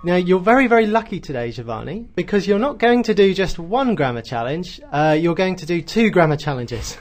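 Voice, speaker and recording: A man's voice: high voice, very animated, fairly quick, soft background music. A man hosting a radio grammar lesson in an upbeat, encouraging way.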